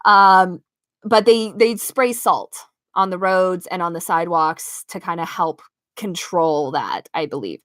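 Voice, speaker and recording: A woman's voice: on the low side, unhurried, fairly bright tone, dry recording, studio quality. A young woman from the United States telling a story to her live chat from her bedroom. She laughs often and acts out the lines of other people. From United States (Las Vegas). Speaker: live-stream host. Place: home bedroom. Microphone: own microphone at desk.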